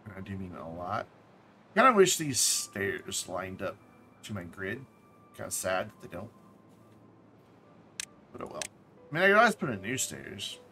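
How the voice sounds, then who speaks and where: A man's voice: sits low, sing-song, a little slow, long pauses, pushed and bright, a little hiss or hum. A man casually commenting while playing a game on a live stream, thinking aloud, correcting himself and dropping jokey asides.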